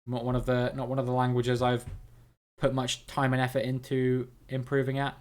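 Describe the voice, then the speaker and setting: A man's voice: medium pitch, monotone, moderate pace. A man hosting a live game stream, chatting with viewers and thinking aloud as he plays.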